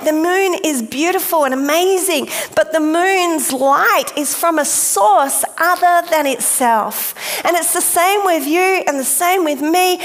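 A woman preaching a sermon, emphatic and deliberate, speaking directly to her listeners. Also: very high voice, fairly bright tone. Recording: long hall reverb.

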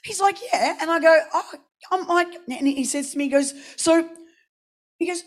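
A woman's voice: very high voice, moderate pace. A young adult woman preaching a sermon, telling a personal story and acting out the voices in it. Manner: animated, acts out voices in anecdotes.

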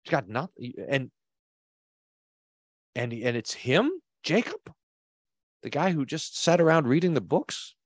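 In clean, echo-free studio sound, a pastor with a mid-range voice reads an old text unhurriedly, leaving long pauses. He stops to comment and leans hard on key words as an expressive reader.

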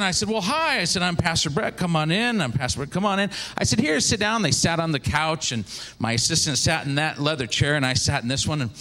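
A man in his forties from the Seattle area, a traveling minister telling a lively story in a sermon and acting out the people in it. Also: high voice. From Seattle, Washington area. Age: 40s. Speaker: traveling minister, former pastor.

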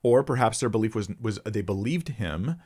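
A man with a lowish voice talks through Bible passages and viewer questions in an easygoing, off-the-cuff manner. He thinks aloud as he goes, stopping and restarting his sentences, and reads verses aloud along the way. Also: animated, moderate pace, warm tone, breathy edge. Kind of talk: casual unscripted Bible teaching.

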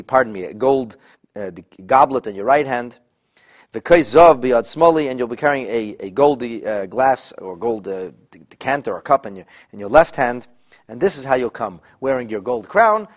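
A man teaching a Torah text study class, animated, with halting restarts and repeated words. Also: medium pitch. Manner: animated, rising to exclamations, voices the king in quotes.

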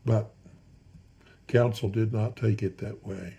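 A man telling a folksy, drawn-out story with soft, hushed asides. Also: lowish voice, fairly even intonation, gravelly, husky, highs cut off. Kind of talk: spoken storytelling.

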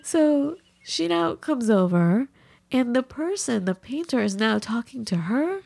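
A middle-aged woman hosting a podcast, telling a story in a casual, animated way and acting out the people she quotes. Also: a little slow, gravelly, no echo. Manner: animated, acts out quotes with big pitch jumps. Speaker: podcast host.

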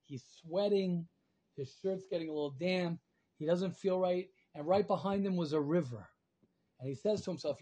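A man teaching former students in a storytelling sermon, animated and repeating phrases for emphasis, swinging from loud and high to soft. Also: moderate pace, husky. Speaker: rabbi teaching alumni.

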